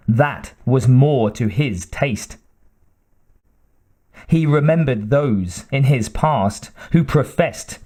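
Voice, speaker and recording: A man narrating an audiobook in a measured, dramatic way with deliberate pauses. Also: mid-range voice, darkish tone.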